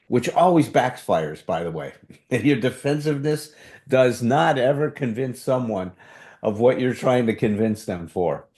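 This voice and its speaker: A man's voice: medium pitch, a little mellow. A man teaching a relationship workshop in a conversational way, sometimes acting out what defensive speech sounds like. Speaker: workshop leader.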